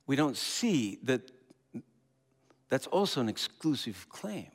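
A man's voice: mid-range voice, takes it slowly, pauses often. A man, a Christian pastor, preaching a sermon. He tells a story and lifts his voice when he quotes others. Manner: animated, slips into quoted voices.

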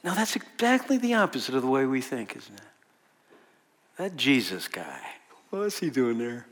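A man's voice: mid-range voice, big pitch swings, normal speed, a bit bright. A man preaching a sermon to a room of people in a conversational way, asking the audience questions and laughing often. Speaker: pastor.

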